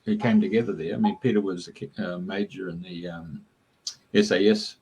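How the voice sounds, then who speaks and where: A man's voice: low voice, fairly even intonation, a little fast, darkish tone, slightly rough, rough recording. A man, a guest in an interview, tells long rambling stories in a casual, chatty way, with lots of ums and uhs. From Australia. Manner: rambling and chatty, with many fillers. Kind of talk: casual storytelling.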